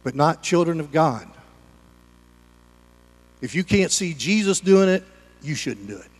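A man preaching in a high, light voice, folksy and conversational with touches of humor. His words ring out with a long hall reverb, as if in a church sanctuary. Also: big pitch swings, measured pace. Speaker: pastor. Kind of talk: sermon.

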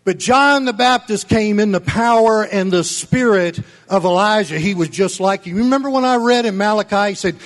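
High-voiced, fervent male preacher. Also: moderate pace, hardly any pauses. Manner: fervent, emphatic preaching that swells to near-shouting; folksy, with chuckles and asides. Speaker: pastor. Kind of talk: sermon.

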